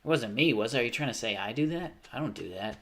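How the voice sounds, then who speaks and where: A man's voice: medium pitch, expressive, fast, a bit bright, slight background noise. A man chatting casually with his live stream chat while gaming, joking and sarcastic.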